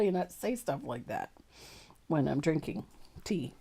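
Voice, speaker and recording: A woman hosting a live painting tutorial, chatty and quick to laugh, poking fun at herself as she explains each step. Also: sits low, lively intonation, vocal fry, mellow, breathy edge. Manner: chatty, laughs easily, self-deprecating. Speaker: host and painting teacher.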